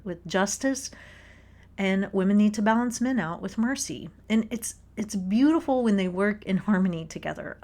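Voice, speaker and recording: Female host, casual book-discussion delivery, expressive and anecdotal, laughs as she talks, mid-range pitch. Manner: expressive, storytelling, laughs while talking. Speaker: podcast host reading a book. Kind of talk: casual spoken book commentary.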